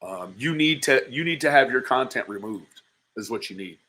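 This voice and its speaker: A man's voice: medium pitch, animated, moderate pace, bright, forceful tone. A man hosting a livestream, reacting to a played clip with profane, mocking insults and thanking his viewers. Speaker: livestream commentator.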